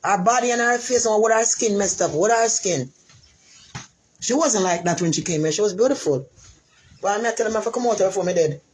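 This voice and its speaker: A woman's voice: medium pitch, brisk, a little hiss or hum. A middle-aged woman with a Jamaican accent, telling her life story in casual patois and repeating phrases for emphasis.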